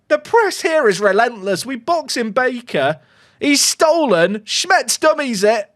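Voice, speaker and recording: Excitable male gaming commentator who shrieks at chances, wildly animated delivery, dry close sound. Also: extremely high pitch, measured pace, no room sound. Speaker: gaming YouTuber. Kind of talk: live football-game commentary.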